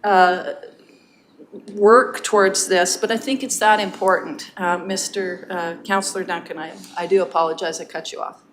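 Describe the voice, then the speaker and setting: A woman chairing a council meeting debate, earnest and passionate but measured. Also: lowish voice, steady tone, slight background noise.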